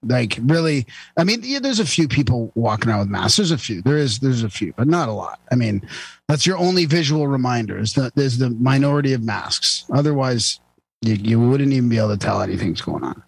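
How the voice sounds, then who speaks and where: A man's voice: mid-range voice, lively intonation, a little fast, gravelly, breathy edge, no echo, rough recording. A man co-hosting a podcast, reacting with exclamations and questions in a casual chat. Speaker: podcast co-host.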